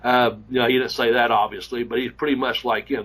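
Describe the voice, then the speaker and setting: A man tells a story in a loose, rambling, profanity-laced way, piling up restarts and asides as he goes. His voice sits at an ordinary middle pitch for a man, and he acts out the people in his story as he talks. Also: fairly even intonation, moderate pace, few pauses, fairly bright tone, poor audio. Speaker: podcast host and former wrestler. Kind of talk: casual storytelling chat.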